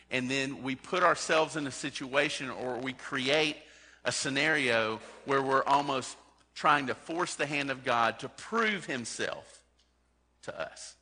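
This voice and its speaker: A man's voice: mid-range voice, bright, forceful tone, slightly rough. A man preaching a sermon as a pastor, talking in a conversational way and putting direct questions to his congregation. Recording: long hall reverb.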